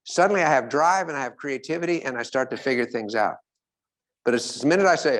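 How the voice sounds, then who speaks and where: A man speaking live to an audience as a motivational speaker, animated and chuckling as he acts out everyday characters. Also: medium pitch, fairly quick. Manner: animated, acts out little characters, laughs often.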